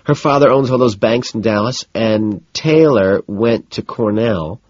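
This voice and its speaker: A man's voice: on the low side, darkish tone, muffled recording, pitched above the performer's own voice. A man reading an audiobook voices a chatty, exasperated wealthy young woman who scolds and gossips. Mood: gossiping. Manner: gossipy, scolding, quick to dismiss.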